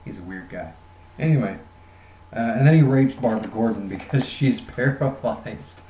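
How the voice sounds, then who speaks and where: A man's voice: mid-range voice, normal speed, highs cut off, slight background noise. Rambling man reviewing comics, roomy echo. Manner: rambling, jokey, many fillers. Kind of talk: casual spoken review. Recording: roomy echoey room.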